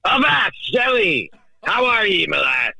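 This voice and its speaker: A loud hammy pirate captain. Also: male voice, high-pitched, big pitch swings, a little slow, gravelly, voice pushed up, heavily acted, low-quality recording. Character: boisterous male pirate captain, cheesy flirt.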